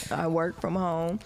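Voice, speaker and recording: A woman's voice: on the low side, vocal fry. A middle-aged woman, a stand-up comedian, chatting on a podcast and telling a story with lots of acted-out dialogue and laughter. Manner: animated storyteller, acts out dialogue, laughs often. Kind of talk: casual podcast chat.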